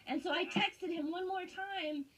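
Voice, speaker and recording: A woman's voice: extremely high pitch, a little slow, a bit bright, slight background noise. A woman on a tense phone call, defensive and sarcastic, giving long rambling explanations. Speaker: caller and neighbour in a dispute.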